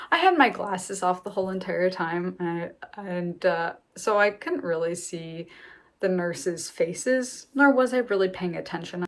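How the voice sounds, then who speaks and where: Chatty woman telling her birth story. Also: mid-range voice. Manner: candid and chatty, laughs often. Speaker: vlogger. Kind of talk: personal storytelling.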